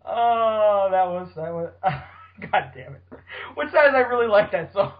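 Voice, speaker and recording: A man's voice: high voice, animated, a little slow, slight background noise. A man hosting a casual podcast, rambling and laughing often as he talks. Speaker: podcast host. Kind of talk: casual chat. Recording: dull lo-fi podcast audio.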